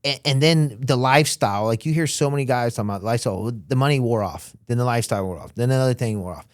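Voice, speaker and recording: A man's voice: mid-range voice, quick pace, no echo. A man from Florida talks through his past as an interview guest in a loose, casual way, and his voice jumps around as he acts out other people's lines. The sound is close and dry, with no room around it. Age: young adult. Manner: animated, acts out quotes of others. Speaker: interview guest, former smuggler.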